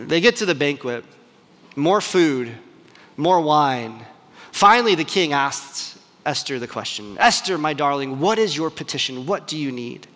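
A man preaching a sermon and retelling a story in an animated, dramatic, conversational way. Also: a little high, long reverb tail.

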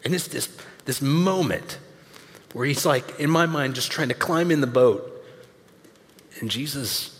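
A man's voice: medium pitch, unhurried, pauses often. A man preaching a sermon in a conversational, emphatic way with casual asides, speaking to a church audience. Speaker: pastor. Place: large church hall with audience. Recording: long hall reverb.

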